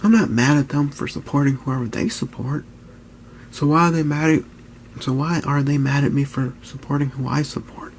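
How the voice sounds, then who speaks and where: A man speaks earnestly and candidly about his own experience, circling back to the same phrases and leaning on "you know". His voice sits in an ordinary middle pitch. A faint hiss of background noise runs under it. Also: normal speed, rough recording. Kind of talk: candid personal account.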